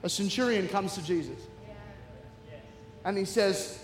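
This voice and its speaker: Animated preacher in an echoey hall. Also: male voice, high-pitched, normal speed, pauses often. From Australia. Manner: animated storytelling, acting out voices. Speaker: guest preacher. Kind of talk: humorous sermon. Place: large church hall. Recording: echoey hall, long reverb.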